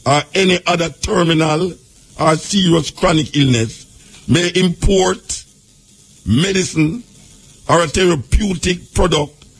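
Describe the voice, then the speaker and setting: A man's voice: fairly high pitch, husky. A Jamaican man hosting a talk show, reading a legal text aloud and breaking into loose patois asides. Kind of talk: reading a law aloud with commentary.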